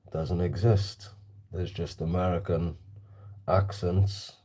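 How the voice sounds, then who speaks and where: A man's voice: low-pitched, steady tone, slow pace, mellow. A man vlogging casually while shooting targets with a slingshot, chatting and answering viewer comments. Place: indoor hallway.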